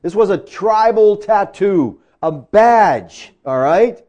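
A man's voice: sits high, animated, slow, dark tone, lo-fi sound. A man preaching a sermon, conversational and full of rhetorical questions. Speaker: pastor.

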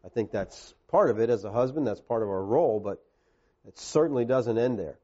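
A male pastor preaching a sermon, talking straight to the men in the room and swinging from quiet, low passages to emphatic, raised ones. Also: animated, brisk, dull audio. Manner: direct, addresses the men in the congregation.

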